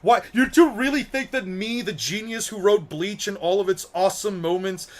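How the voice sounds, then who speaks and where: A man's voice: sits high, normal speed, lightly acted. A man doing a smug bragging manga author.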